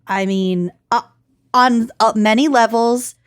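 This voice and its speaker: A woman co-hosting a casual podcast chat, unhurried and chatty. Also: on the high side, clear, resonant tone. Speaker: podcast co-host.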